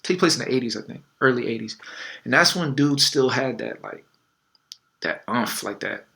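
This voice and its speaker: Guy with a gravelly voice giving laid-back relationship advice, chatty, lots of fillers. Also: medium pitch, animated, moderate pace, sharp tone. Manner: conversational, many fillers and acted quotes. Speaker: dating coach. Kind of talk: casual advice talk.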